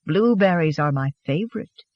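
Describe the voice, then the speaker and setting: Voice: mid-range voice, expressive, moderate pace, no room sound, lo-fi sound, lightly acted. An audiobook narrator voicing an affectionate farmer husband who whispers amused remarks to his wife.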